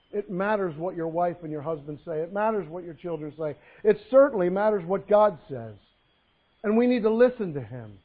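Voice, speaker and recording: A man with a notably high voice delivers a sermon, mixing folksy joke stories with scripture readings. The sound is thin and narrow, like it was captured over a phone line. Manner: folksy storytelling with jokes and Bible reading. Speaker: pastor.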